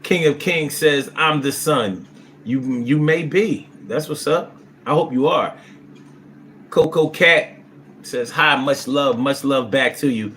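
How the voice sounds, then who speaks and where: Slow-paced and on the high side, this man's voice comes with a little hiss or hum as he reads viewers' comments during a live stream. The casual chat is blunt and full of cursing, punctuated by loud, animated outbursts.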